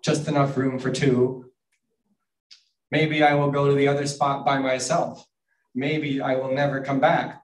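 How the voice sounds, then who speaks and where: A man reading as a stubborn, slow turtle. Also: medium pitch, lightly acted. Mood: sulky. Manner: deliberate, flat and stiff phrasing. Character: stubborn, proud male turtle who speaks slowly. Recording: roomy distant mic with faint noise.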